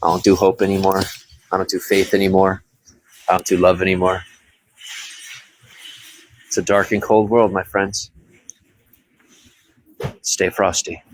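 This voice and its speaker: A man's voice: low voice, little pitch movement, unhurried, long pauses, dry recording, low-quality recording. A man chatting casually on a live stream from his phone, rambling and reading viewer comments aloud.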